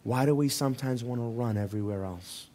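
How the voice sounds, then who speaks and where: A male pastor preaching a sermon in a church. He tells a personal story and swings between loud, urgent passages and hushed ones. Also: mid-range voice, a little fast.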